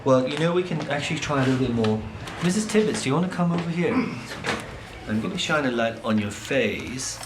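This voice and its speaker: A man working as an eye surgeon, speaking calmly and reassuringly with frequent ums, in a documentary interview and at a patient's bedside. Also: medium pitch, brisk, noisy background. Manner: calm, reassuring, hesitant with ums.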